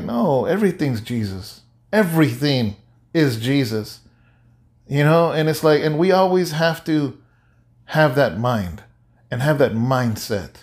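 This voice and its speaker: A male pastor giving an animated, conversational sermon-like talk, often repeating himself. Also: medium pitch. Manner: animated, repetitive, conversational preaching. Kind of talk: casual sermon-like chat.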